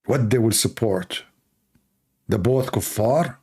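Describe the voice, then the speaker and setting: Live-stream host, male, Arabic native from the Middle East, gravelly and dark, loose joking ramble. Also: lowish voice, slow pace. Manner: rambling, joking, reacting to chat. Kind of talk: casual live-stream chat.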